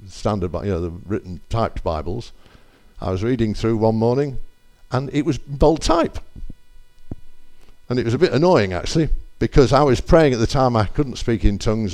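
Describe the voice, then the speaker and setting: Older guy telling church stories, voice going up and down all over, keeps correcting himself. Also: on the low side. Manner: rambling, animated anecdotes with self-corrections. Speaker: churchgoer giving testimony. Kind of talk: church testimony storytelling.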